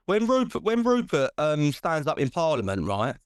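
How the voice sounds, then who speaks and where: A British man talking as a podcast guest, indignant and animated, often restarting and asking "do you know what I mean". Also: fairly high pitch, moderate pace, smooth, no room sound, clean studio sound. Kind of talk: casual podcast chat.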